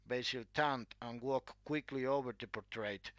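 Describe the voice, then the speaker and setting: A man narrating a classic story, reading in a clear, measured way. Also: medium pitch, a bit bright, dry recording.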